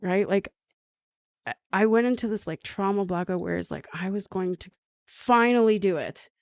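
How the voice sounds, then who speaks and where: A woman's voice: mid-range voice, moderate pace, vocal fry, no room sound. A woman from Canada telling her recovery story as a podcast guest, earnest, with many "like" fillers and acted-out dialogue.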